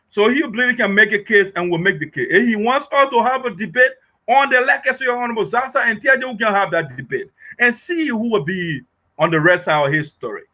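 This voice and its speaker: A man's voice: extremely high pitch, pushed and bright. A man giving impassioned political commentary, emphatic and rhetorical, often asking "okay?". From Liberia.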